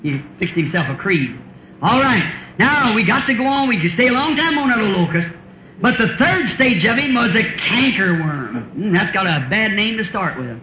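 A man's voice: sits high, sing-song, normal speed, a little hiss or hum. A man, preaching a sermon in a folksy way, asking rhetorical questions and chuckling often. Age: 50s. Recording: roomy, dull old sermon tape.

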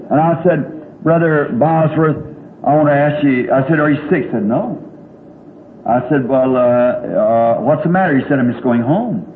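In a large church hall, an older man with a mid-range voice preaches at a moderate pace, spinning folksy, rambling stories and chuckling often. The sound is a tinny old recording, echoey with a faint hiss.

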